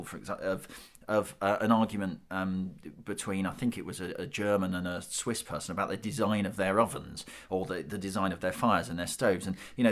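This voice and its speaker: A man's voice: sits low, a bit bright. A middle-aged British man in a panel discussion, thinking aloud with frequent restarts. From Britain. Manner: thoughtful, restarts often. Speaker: panel guest.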